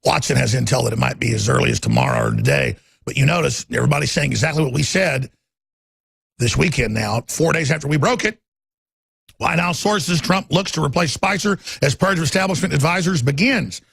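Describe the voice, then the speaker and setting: A man hosting a talk radio show, ranting with passion and swinging between loud outbursts and low muttering. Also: expressive, fairly quick, vocal fry, husky, dry recording, studio quality.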